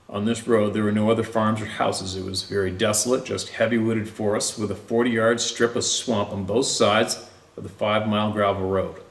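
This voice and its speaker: Man narrator, low voice, tense dramatic first-person storytelling, recorded a little off-mic in an echoey room. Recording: roomy, distant mic with faint ambience.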